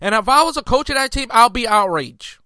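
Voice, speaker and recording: A man's voice: very high voice, expressive, fairly quick, bright, forceful tone, no room sound, clean studio sound. A man hosting a casual sports commentary, ranting in a heated way with many restarts and incredulous outbursts. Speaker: sports podcast host.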